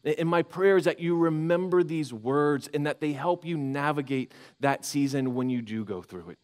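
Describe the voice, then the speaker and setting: Guy pastor preaching in church, kinda high voice, chatty, acts out what people think. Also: moderate pace, a little mellow. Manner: conversational, acts out inner voices, frequent restarts. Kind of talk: sermon. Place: church sanctuary.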